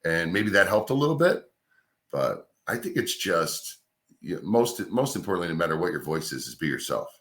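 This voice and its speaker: A male radio host from New York's Capital Region, telling stories from his career in a relaxed, chatty interview. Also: deep voice, normal speed. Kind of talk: casual interview storytelling.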